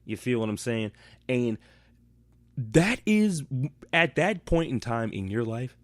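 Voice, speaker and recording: A man talking alone into a home podcast mic, recapping a show episode. His voice sits at a middle pitch. He rambles, swears freely and breaks into animated outbursts. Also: takes it slowly, no room sound. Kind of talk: casual solo recap chat.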